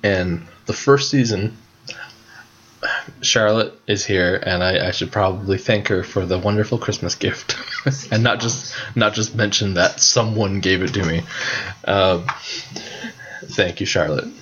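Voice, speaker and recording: A man's voice: on the low side, fairly even intonation, measured pace, a bit bright, a little hiss or hum. A young man co-hosting a podcast in casual chat, swearing often and laughing a lot. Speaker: podcast co-host. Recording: dull lo-fi sound.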